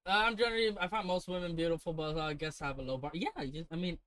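A man's voice: a little high, fairly bright tone, no echo. A young man from India co-hosting a podcast, chatting in crude, joking banter. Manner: crude, joking, quick to laugh. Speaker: podcast co-host. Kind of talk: casual banter.

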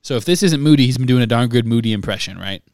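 A man co-hosting a podcast, reading a novel aloud with steady expression and breaking off to chat and laugh. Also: medium pitch, very fast, dry recording, studio quality.

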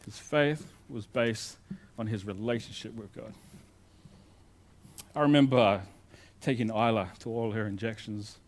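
A male pastor with a lowish voice preaches unhurriedly in a conversational, storytelling style. He swings between loud emphasis and quiet asides.

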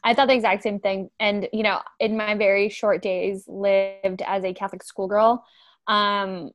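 A woman's voice: medium pitch, little pitch movement, measured pace, no room sound. A woman co-hosting a podcast, chatting casually and agreeably about a TV show. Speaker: podcast co-host.

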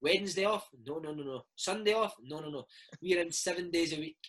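A Scottish man in his thirties swaps football stories in a relaxed interview, his voice husky and bright. He talks with lively energy and drops "mate" and "man" into nearly every sentence. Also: on the high side, fast, poor audio. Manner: lively, animated anecdotes peppered with "mate" and "man". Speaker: former footballer, interview guest. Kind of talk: casual storytelling interview.

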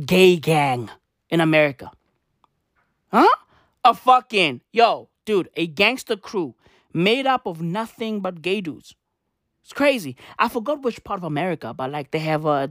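A man's voice: fairly high pitch, expressive, moderate pace, a bit bright, no echo, clean studio sound. A man in a profane, rambling comedic rant who repeats his phrases and swears constantly. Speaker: vlogger.

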